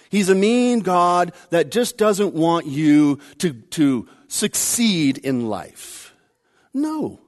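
A man preaching a sermon, repeating his key phrases, rising for emphasis and then dropping low and quiet. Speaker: pastor.

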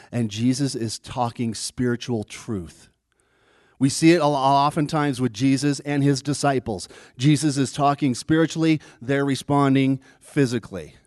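A man's voice: mid-range voice, darkish tone, no echo, studio quality. A male pastor giving a conversational sermon, often repeating words as he restarts.

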